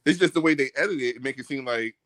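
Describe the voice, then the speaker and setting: A man's voice: mid-range voice, very fast, a bit bright, dry recording. A man with a New York accent, a guest calling in to a casual chat, joking and slangy. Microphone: phone or call audio, camera off.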